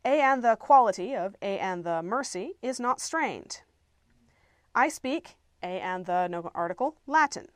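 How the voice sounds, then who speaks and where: A woman teaching an English grammar lesson, explaining clearly and patiently with playful asides. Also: medium pitch, animated, unhurried, no echo, studio quality.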